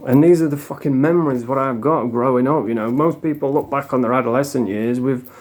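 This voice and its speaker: A man's voice: mid-range voice, brisk, darkish tone. A man, a former addict telling his story in a frank, casual monologue full of swearing. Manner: frank, swears a lot, plain-spoken.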